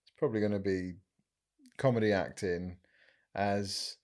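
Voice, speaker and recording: A man's voice: fairly low pitch, steady tone, a little slow, a little mellow. A man co-hosting a comedy podcast who teases his partner with dry ribbing. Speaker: podcast co-host and producer. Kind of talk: casual comedy chat.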